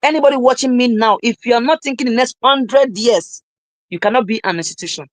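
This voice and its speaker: A young adult motivational speaker gives a live-streamed talk in a very high, brisk, dry and close voice, with no echo or room sound and low recording quality. He preaches emphatically, hammering the same lines repeatedly and now and then breaking into a shout.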